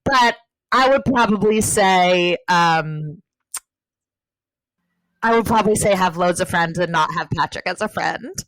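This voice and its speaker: A woman's voice: fairly low pitch, measured pace, pauses often, fairly bright tone, no echo, rough recording. A woman talking as a podcast guest in a casual chat, rambling with lots of fillers. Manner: chatty, rambling, with many fillers.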